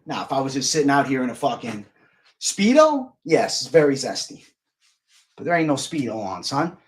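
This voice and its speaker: A man's voice: medium pitch, a little fast, husky. A man hosting a fight-sports livestream, talking to chat in a loose, slangy, swear-heavy way. His energy runs hyped and jokey. The sound is dry and close, with almost no room echo. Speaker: MMA livestream host.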